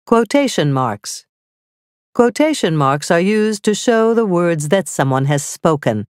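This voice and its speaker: A woman narrating a scripted grammar lesson, reading slowly and carefully with clearly spelled-out examples. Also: lowish voice, sing-song, darkish tone, no room sound, studio quality. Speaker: teacher.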